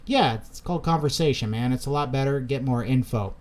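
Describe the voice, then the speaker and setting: A man's voice: medium pitch, a little fast, darkish tone. A man giving casual, rambling commentary on a crypto chart as he draws lines, correcting himself and talking straight to his viewers, with pumped-up bursts when he greets them. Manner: rambling, self-correcting, chatty asides to viewers.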